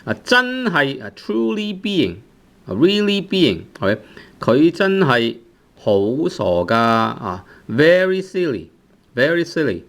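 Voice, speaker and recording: A man's voice: fairly high pitch, very animated, unhurried. A man explaining grammar to learners, with frequent "uh" restarts, who checks in with "right?" after nearly every phrase. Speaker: language teacher.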